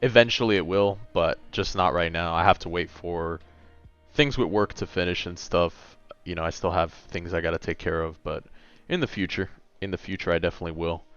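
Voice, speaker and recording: A man's voice: deep voice, fairly even intonation, a little fast, a bit bright, smooth, lo-fi sound, soft background music. A man in his late twenties chatting casually and a little tiredly on a gaming livestream, reading and answering chat. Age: late 20s. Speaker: gaming streamer.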